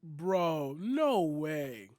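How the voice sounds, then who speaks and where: A young commentary streamer reacts to clips, sarcastic and incredulous, swearing freely and peppering his talk with "like" and "bro." His voice is on the high side yet darkish in tone, very animated but very slow, with no echo.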